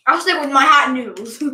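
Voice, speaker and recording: A woman's voice: sits high, pushed and bright, roomy sound, a little hiss or hum. A woman teasing someone in a playful, joking way.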